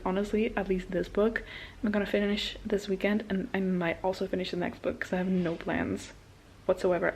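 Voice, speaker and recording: A young woman with a mellow, rounded voice gushes and rants in a casual reading vlog. She swears freely and keeps sinking into hushed whispers. Faint background noise sits under her voice. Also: mid-range voice, low-quality recording. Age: young adult. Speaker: book vlogger.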